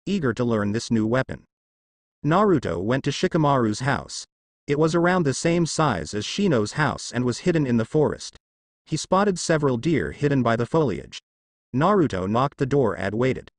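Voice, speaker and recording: A man reading fan fiction aloud as narrator, in a lively, sing-song delivery. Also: medium pitch, dry recording.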